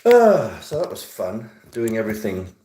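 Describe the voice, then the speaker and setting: A man's voice: fairly low pitch, huge pitch swings, moderate pace, dark tone. A man hosting a casual, jokey live stream from home, rambling and teasing his viewers. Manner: chatty, jokey, self-mocking. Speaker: host of a weekly live stream. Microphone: phone on a stand. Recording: roomy sound, phone some distance away.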